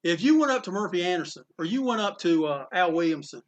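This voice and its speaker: Animated high-voiced man telling stories. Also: quick pace, lo-fi sound. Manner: animated anecdotes with acted-out quotes. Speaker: comic shop owner. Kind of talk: casual storytelling interview. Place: inside his comic shop.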